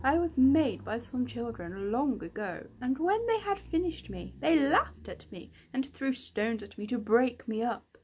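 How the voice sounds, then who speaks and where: Woman putting on a soft, snowy-voiced snowman. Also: sits high, big pitch swings, measured pace, few pauses, slight background noise. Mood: calm. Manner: eager and chatty. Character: cheerful lonely male snowman.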